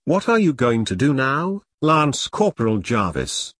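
A man's voice: medium pitch, sing-song, measured pace, a bit bright, no echo, clean studio sound. A man reading as an earnest woman army nurse.

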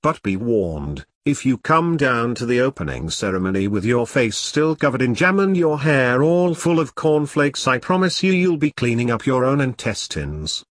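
A man voicing a hulking, pompous male cult leader who booms theatrically and speaks with contempt. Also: sing-song, moderate pace, few pauses, no echo, clean studio sound. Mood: contemptuous.

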